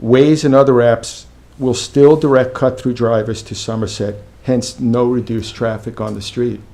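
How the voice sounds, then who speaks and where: A man with a gravelly, creaky voice at mid pitch reads his prepared public comment at a village board meeting. He keeps it firm and factual. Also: fairly even intonation, moderate pace, dark tone. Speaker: resident speaking at public comment.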